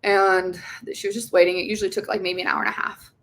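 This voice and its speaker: A woman's voice: lowish voice, flat delivery, fast talker, fairly bright tone. A young woman, an interview guest, telling her own story in a rambling, emotional way, with frequent swearing and restarts. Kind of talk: candid personal testimony.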